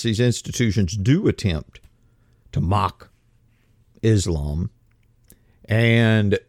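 Recorded at studio quality with no echo, this mid-range male voice belongs to a commentator on a heated, emphatic rant. He mocks others with impressions, and his agitation shows in repeated words and restarts.

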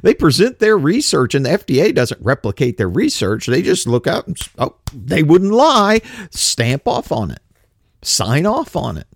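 A middle-aged man talks in a loose, rambling monologue, blunt and skeptical. His pitch rises and falls in an animated way. The sound is dry and close, with no room around it. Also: normal speed, vocal fry, slightly rough, dry recording. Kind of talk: casual monologue commentary.

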